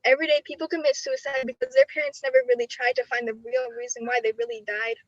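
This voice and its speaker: A woman's voice: on the high side, fast, dry recording, dull audio. Teen girl reading poetry over a video call. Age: teens. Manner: earnest, emotional delivery with nervous laughs between poems. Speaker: student poet. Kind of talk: spoken word poetry reading.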